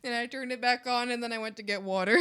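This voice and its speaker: A woman's voice: a little high, quick pace, a bit bright, clean tone. A young adult woman streaming while she draws, chatting casually and gushing, sometimes squealing or whispering. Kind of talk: casual chat while drawing.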